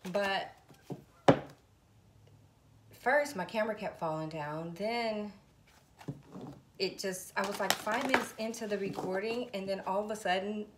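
A woman's voice: mid-range voice, normal speed. A woman doing a casual tarot reading on video. She talks to her viewers, calls on spirit between cards and swears freely. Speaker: tarot reader. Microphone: phone. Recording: echoey room with loud noise.

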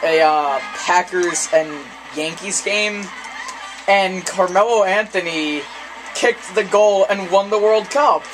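A man's voice: sits high, slow, rough recording. A man in casual chat while playing a racing game, joking crudely, laughing often and rambling through absurd stories. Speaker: gamer co-host. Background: game music.

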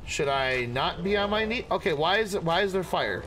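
A man gaming streamer giving let's play commentary, excitable, often yelping, apologizing and swearing when something startles him. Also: high voice, moderate pace.

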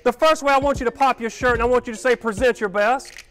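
A man giving a motivational keynote speech to a live audience, energetic and leading call-and-response chants. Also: very high voice, rapid-fire. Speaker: keynote speaker. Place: conference hall with a live audience.

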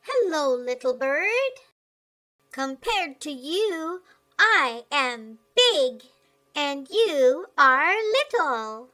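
A woman narrating a simple lesson for preschoolers in a slow, sing-song manner. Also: high voice, sing-song, sharp tone, faint music behind.

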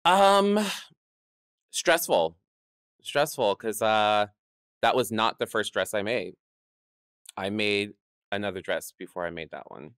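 A man's voice: lowish voice, expressive, a little slow, pauses often, a bit bright, clean tone, no room sound, studio quality. A man telling stories as a guest in an interview, acting out quoted voices and laughing often. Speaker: guest, drag performer. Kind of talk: storytelling interview chat.

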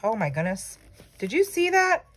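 A woman's voice: on the high side, sing-song, normal speed, slight background noise. A young woman chatting casually and rambling with self-teasing asides while she decorates a planner. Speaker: planner vlogger. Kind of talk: casual chat while crafting.

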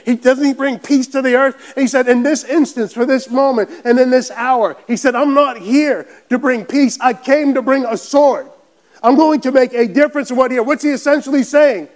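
A man preaching a sermon as pastor, fervent and building to shouts, often repeating words and restarting phrases. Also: very high-pitched.

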